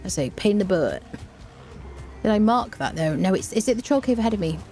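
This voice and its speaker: Woman, game streamer; nervous, jokey commentary over quiet game music. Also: medium pitch, lively intonation, a little fast. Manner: jittery, jokey, often shrieking in fright. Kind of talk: live gameplay commentary.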